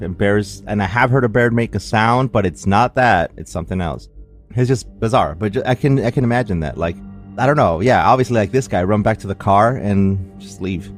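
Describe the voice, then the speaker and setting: Low-voiced guy with an accent, animated storytelling on a podcast, music playing behind. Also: brisk. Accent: non-native English. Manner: laughs often, animated storytelling. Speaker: podcast co-host. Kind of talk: casual storytelling chat.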